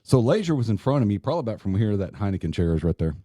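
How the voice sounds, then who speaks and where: A man's voice: lowish voice, very animated, very fast, mellow, no room sound, clean studio sound. A middle-aged man, a retired police officer, telling a funny work story in casual chat and laughing as he goes.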